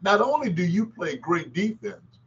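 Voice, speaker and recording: A man voicing a blunt, gruff older male pro basketball coach, loud and emphatic. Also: high voice, sing-song, normal speed, highs cut off, a little hiss or hum, voice pushed up. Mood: earnest.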